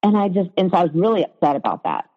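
A woman's voice: lowish voice, big pitch swings, rapid-fire. A woman telling her own story in a conversation, hesitant, with frequent fillers and restarts. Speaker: guest sharing her story. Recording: reverberant, dull lo-fi sound.

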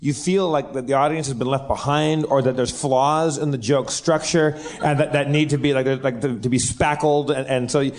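A man's voice: medium pitch, steady tone. A man co-hosting a live comedy show, teasing and jumping in with quips. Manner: teasing, quick to jump in. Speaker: show co-host. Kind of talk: live comedy podcast banter.

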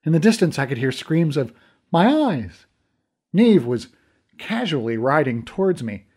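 A male audiobook narrator with a somewhat high voice, reading a first-person adventure in a scripted way. His delivery is expressive and lively, rising and falling through the scene. He voices the characters as he goes. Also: moderate pace, slightly rough.

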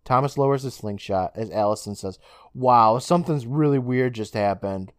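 A man co-hosting a casual podcast, retelling a TV episode scene by scene with swearing and quick character imitations. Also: mid-range voice, dry recording, studio quality. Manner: animated, swears, mimics characters while recapping. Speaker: podcast co-host recapping an episode.

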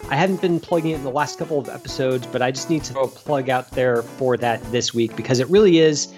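Mężczyzna prowadzący podcast, ciche tło gitary. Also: male voice, mid-range voice, fast, music in the background. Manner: relaxed, rambling with restarts. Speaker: podcast host. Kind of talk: casual podcast chat.

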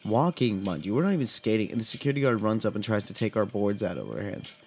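This podcast host is a young guy from Southern California's desert valley, spinning a story casually with lots of profanity and filler words. He speaks fast and very animatedly in a lowish voice, over gentle background music.

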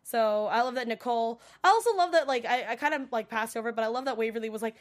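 A woman's voice: a little high, quick pace. A young adult woman recapping a TV episode in a casual, gushing way, full of "like" and "you know". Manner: gushing, filler-heavy, lots of "like" and "you know".

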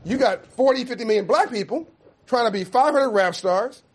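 A man's voice: very high voice, lively intonation, normal speed. A man founding a nonprofit, speaking with emphatic, preacher-like cadence and repeated phrases in an impassioned panel talk.

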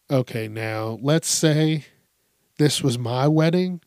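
A young man drawls through a casual commentary, cursing freely and breaking into laughter. His delivery is slow and unhurried, and his voice sounds dry and close to the mic, with no room echo. He vents in playful mock outrage. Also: medium pitch, a little mellow. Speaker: story commentator. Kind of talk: casual commentary on reader stories.

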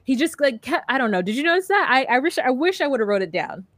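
A woman with a fairly high voice talks casually on a podcast, rambling and animated. She piles up fillers and acts out little quotes. The sound is dry and close, with no room around it. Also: fast talker, no echo. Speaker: podcast co-host. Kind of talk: casual chat recapping a reality show.

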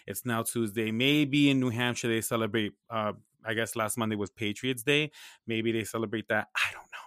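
A man's voice: on the low side, fairly even intonation, normal speed, fairly bright tone, clear, resonant tone, no room sound, studio quality. A young man telling a story in a casual, slangy, profane way, acting out the back-and-forth dialogue.

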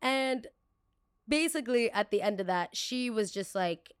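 A woman's voice: measured pace, smooth, no echo. Young woman on her podcast, chatty storytelling, jumps way up when she quotes people, dry close mic. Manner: animated, acts out quoted arguments with big pitch jumps. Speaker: podcast host. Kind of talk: casual storytelling.

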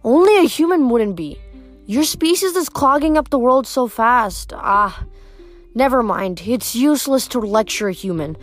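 A woman's voice: fairly high pitch, animated, normal speed, faint music behind, lightly acted. A woman voicing an earnest, wistful young male satyr in a read-aloud novel. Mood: indignant. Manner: earnest, indignant about pollution.

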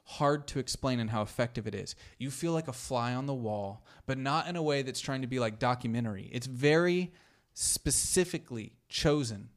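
A man's voice: medium pitch, moderate pace, few pauses. A man talking casually and enthusiastically about a favorite movie, with restarts and the odd swear word for emphasis. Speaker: podcast guest discussing films. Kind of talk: casual chat.

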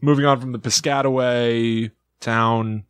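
A man's voice: mid-range voice, fairly even intonation, a little slow, smooth, no echo. Joking male podcast co-host, dry sound. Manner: joking, reads listener comments aloud and mocks them. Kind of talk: casual podcast banter.

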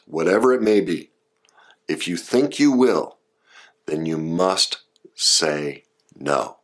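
A man's voice: sits low, animated, slow pace, long pauses. A man giving advice to listeners as a coach, talking emphatically and acting out short example quotes. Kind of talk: direct-address advice talk.

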